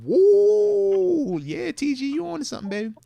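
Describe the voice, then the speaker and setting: A man, a former pro football player, co-hosting a casual sports podcast in an animated, slangy way. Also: very high voice, rapid-fire, creaky, dry recording, lo-fi sound. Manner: animated, slangy, acts out quotes in hushed voice.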